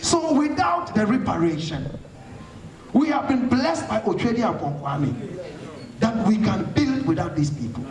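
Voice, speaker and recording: Fiery high-voiced man in an echoey hall. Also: very animated, a little slow, far from the mic, crowd noise. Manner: fiery, rhetorical, preaching tone. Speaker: speaker answering audience questions. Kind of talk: impassioned public talk.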